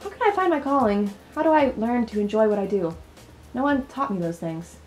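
A woman's voice: fairly high pitch, animated, a little fast, darkish tone, soft background music, close to an everyday voice. A woman reading the part of an overworked young female college student, in a plain, subdued way. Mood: weary. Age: young adult. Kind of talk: reading game dialogue aloud.

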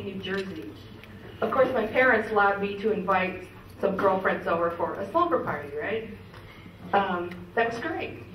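A woman telling family stories at a memorial gathering, chatty and laughing, with many fillers. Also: medium pitch. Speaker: memorial speaker. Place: event hall. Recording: echoey hall, distant mic, ambient noise.

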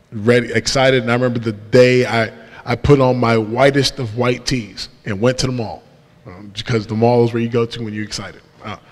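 Young male guest speaker at a church, mid-range voice, casual slangy storyteller, long hall reverb. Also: medium pitch. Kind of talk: testimony talk from the pulpit. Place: large church sanctuary.

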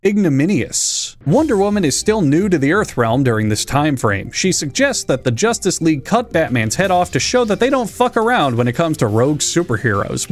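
Man, comic reviewer, sarcastic and profane, lively swooping pitch, fairly high voice, faint music underneath. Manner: voices characters in silly parody. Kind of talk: comedic commentary.

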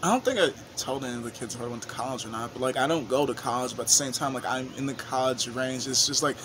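A young man vlogging, telling a rambling story in a casual, animated way and swearing freely. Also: mid-range voice, fast, a little hiss or hum. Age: young adult.

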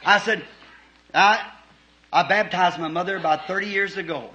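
A man preaching a fervent sermon, swinging from shouted points to quiet storytelling. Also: high voice, moderate pace. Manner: fervent, rising to shouts, then dropping soft for stories.

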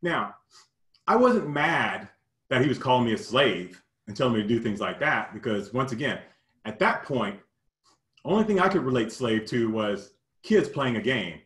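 Man, from Kentucky, earnest personal storytelling, halting with fillers, mid pitch, echoey room. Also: very animated, fairly bright tone. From Kentucky, US South. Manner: earnest, halting, many "you know" fillers.

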